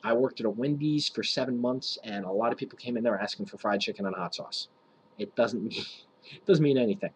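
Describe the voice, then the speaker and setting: A man with a drawl rambles through a crude joking rant aimed at his camera. His voice sits low, and he swears freely and chuckles at his own lines. There is a faint hiss of noise behind him. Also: fairly quick, poor audio. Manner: profane, rambling, mock-offensive, laughs at own jokes. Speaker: vlogger.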